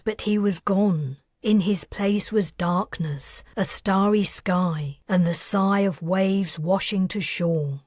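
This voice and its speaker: Woman author reading her novel, slow and measured, dry close sound. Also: mid-range voice, a little mellow, no echo. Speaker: author narrating. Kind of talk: audiobook narration.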